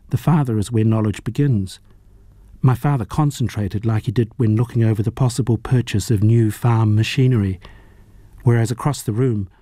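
Man, audiobook narrator, mellow low voice, dry close recording. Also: dry recording. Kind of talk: audiobook reading.

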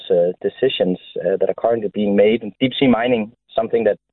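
A man, a university researcher, interviewed and speaking hesitantly with many pauses. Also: lowish voice, no room sound. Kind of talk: interview on a phone line. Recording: tinny phone line.

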